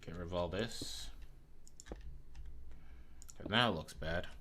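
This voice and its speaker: Bright-voiced male streamer, teasing. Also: low-pitched, takes it slowly, a little hiss or hum. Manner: playful teasing, swears freely. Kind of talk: casual live-stream chatter while playing.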